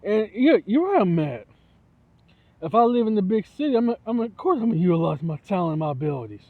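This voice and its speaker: A man's voice: high-pitched, sing-song, quick pace. A man from Ohio ranting heatedly to the camera, repeating himself and tossing in "you know what I'm saying" again and again. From Toledo, Ohio. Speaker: independent musician. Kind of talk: angry rant to camera. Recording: tinny phone-like audio.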